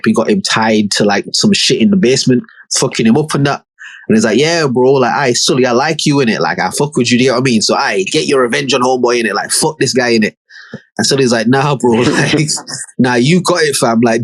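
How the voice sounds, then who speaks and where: A man's voice: mid-range voice, fast, husky, no room sound. A man chats on a podcast, retelling scenes and jumping into the characters' lines with slang and swearing. His voice sits mid-range and sounds dry and close to the mic. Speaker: podcast co-host. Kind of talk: casual chat, retelling a TV episode.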